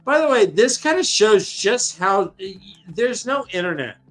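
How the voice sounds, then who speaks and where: A man co-hosting a casual podcast and retelling a story, acting out its characters in quick, profane, jokey asides. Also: high-pitched, big pitch swings, soft background music. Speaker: podcast co-host recapping a book.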